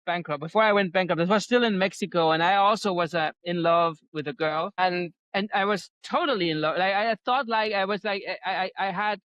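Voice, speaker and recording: A man's voice: high voice, brisk, few pauses, fairly bright tone. A male host in a casual interview, speaking earnestly and hesitantly, often restarting his sentences. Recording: dull lo-fi sound.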